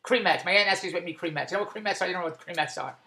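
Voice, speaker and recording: A man delivering an exasperated comic rant to the camera, loud and full of rhetorical questions. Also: high-pitched, racing. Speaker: vlogger. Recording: echoey room.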